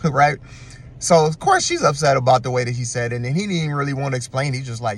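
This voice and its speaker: A man giving a casual, animated and slangy recap of a reality show. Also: a little high, brisk, breathy edge. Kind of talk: casual commentary.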